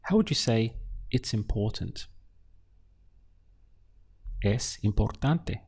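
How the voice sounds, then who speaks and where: A man teaching useful phrases in a slow, clear lesson, giving prompts and then the model answers. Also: fairly low pitch, lively intonation, a little mellow. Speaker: language teacher. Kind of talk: audio language lesson.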